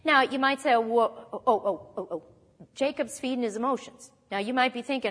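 A woman preaching a sermon in a conversational, emphatic way, slowing down to read scripture. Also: fairly high pitch, a bit bright, long reverb tail.

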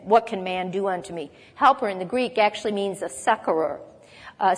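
A woman preaching a Bible lesson, earnestly explaining verses and reading scripture aloud. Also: medium pitch. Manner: earnest teaching, reads scripture aloud, occasional light laugh. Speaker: Bible teacher. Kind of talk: sermon. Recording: long hall reverb.

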